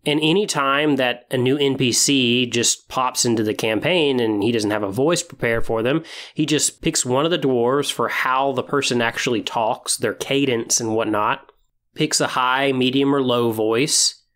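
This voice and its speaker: A man hosting a podcast, explaining step by step in a casual talk, pausing as he lists items. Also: medium pitch, fairly bright tone. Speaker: podcast host.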